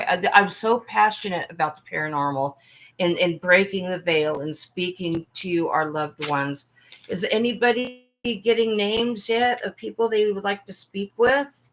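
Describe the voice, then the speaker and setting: A woman hosting a casual livestream chat, talking earnestly and haltingly with frequent restarts. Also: medium pitch. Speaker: livestream host.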